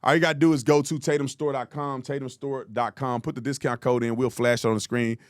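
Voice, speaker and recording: A man hosting political commentary, talking in a blunt, mocking, animated way. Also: medium pitch, quick pace, no echo, studio quality. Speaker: host.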